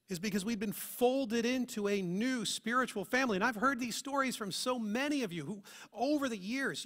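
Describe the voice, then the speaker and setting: A male pastor delivering a sermon in a church. His voice runs high and bright, and he presses his points with earnest rhetorical questions.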